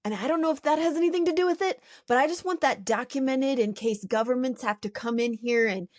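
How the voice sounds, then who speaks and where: A woman's voice: sits high, a little fast, a little mellow, no echo, studio quality. A woman co-hosting a casual podcast with playful, giggly banter. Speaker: podcast co-host.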